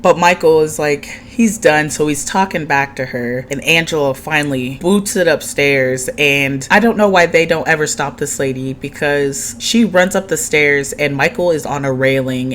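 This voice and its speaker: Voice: mid-range voice, a bit bright, a little hiss or hum. A chatty recap commentator who talks casually, laughs often and acts out quotes.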